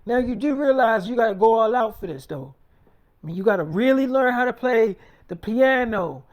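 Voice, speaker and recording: A man's voice: very high-pitched, animated, normal speed. A man playing a confident male film producer who talks bluntly and brashly, swearing, in an improvised freestyle role-play. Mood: pitching.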